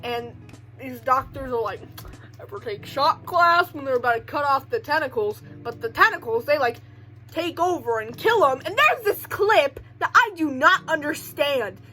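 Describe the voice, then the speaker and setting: A woman's voice: high voice, expressive, moderate pace, sharp tone, faint music behind, rough recording. A young woman casually recapping a film in a rambling way, full of "like" and joking asides. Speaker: video creator recapping a film.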